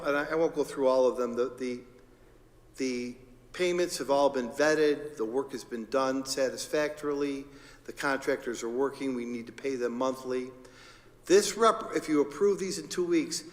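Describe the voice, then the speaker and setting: A man's voice: medium pitch, big-room sound. A man, a school district administrator, walks the board through agenda items in an informal, joking, conversational way at a public meeting.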